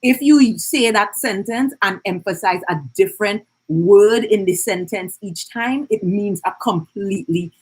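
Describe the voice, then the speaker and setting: A woman teaches on a live stream, chatty and personable, often tossing in "right?". Her voice sits at a middle pitch and has a husky, slightly rough edge. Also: measured pace, few pauses, darkish tone. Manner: chatty, keeps checking in with "right?". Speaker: business coach hosting an Instagram live. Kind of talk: live-stream teaching with viewer shout-outs.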